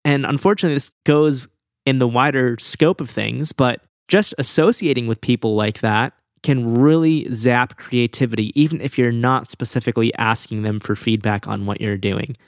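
A man hosting a podcast, chatting in an animated way and telling amused stories. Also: mid-range voice, normal speed, dry recording, studio quality. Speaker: podcast host. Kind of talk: casual podcast chat.

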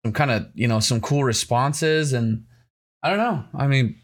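A man's voice: medium pitch, moderate pace. Laid-back, enthusiastic man podcast co-host. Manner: laid-back and enthusiastic, loose filler words. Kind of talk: casual podcast chat.

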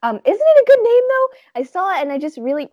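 A woman's voice: very high voice, sing-song, fairly quick, darkish tone, no room sound, highs cut off. A woman co-hosting a casual podcast chat, chatty and giggly, trailing off with fillers. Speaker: podcast co-host.

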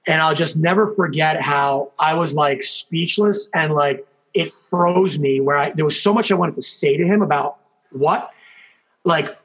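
A man telling his story as an interview guest, animated, acting out what people said, with lots of fillers. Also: a little high, brisk. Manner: animated storyteller, acts out quotes, many fillers. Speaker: guest, hockey coach and former player.

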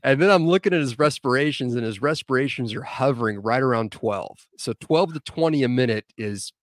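A man in the middle range of pitch tells a story on a podcast, animated and full of swearing. His voice sits close and dry against the mic, with no room sound around it. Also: a little fast, dry recording. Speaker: podcast guest, medic. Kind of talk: casual storytelling chat.

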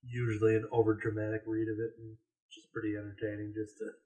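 A man's voice: lowish voice, monotone, fast, mellow. A man co-hosting a casual podcast from a store, rambling with lots of fillers. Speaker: podcast co-host. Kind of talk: casual chat. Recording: distant from the mic.

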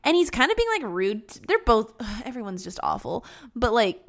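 A young woman chatting casually as she retells a film plot, rambling with lots of "like" and acting out lines in high squeaky voices. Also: very animated, normal speed, creaky, a bit bright. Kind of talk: casual chat recapping a film.

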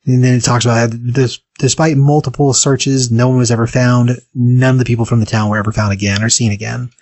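Husky man casually recapping a story. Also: mid-range voice, level tone, fairly quick, a little mellow, dry recording. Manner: rambling, filler-heavy retelling.

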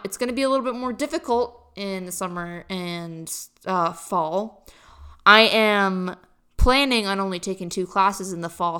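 Young woman, bright tone, smooth clear voice, rambling casual chat, self-deprecating. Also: medium pitch. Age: young adult. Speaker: college student vlogger.

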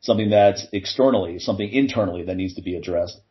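A man's voice: low-pitched, fast, muffled recording. A man in casual conversation, talking in an earnest, reflective and emphatic way.

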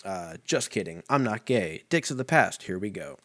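Male podcast host, slightly low voice, swears a lot, rambles and jokes at his own expense, a bit tipsy. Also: animated, moderate pace, heavy background noise. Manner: profane, rambling, self-mocking. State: tipsy from whiskey. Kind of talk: casual podcast chat reading a comment aloud.

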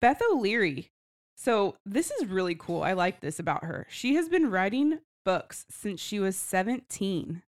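A woman co-hosting a casual book club podcast, chatty and quick to laugh. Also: medium pitch, very animated. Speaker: podcast co-host.

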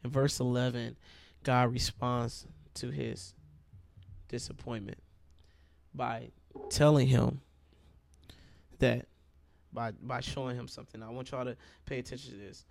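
Gravelly-voiced preacher man. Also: medium pitch, flat delivery, measured pace, long pauses, a little mellow. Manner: conversational, addresses listeners as y'all. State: itchy throat. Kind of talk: sermon.

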